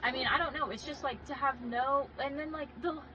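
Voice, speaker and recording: A woman in casual chat on a podcast, telling animated stories and laughing often. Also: sits high, fairly quick. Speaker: podcast guest. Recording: dull lo-fi sound with clear background noise.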